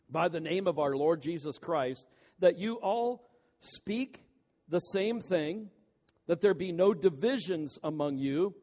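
A man preaching a sermon as pastor, earnest and pleading, stretching out key words slowly for emphasis. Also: fairly high pitch, a little mellow. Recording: long hall reverb.

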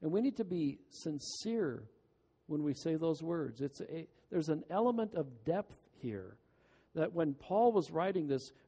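A man preaching a sermon in an earnest, emphatic way, his voice pitched a little high but mellow and warm. He mixes scripture with folksy asides, and a long reverb trails each phrase. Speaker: pastor.

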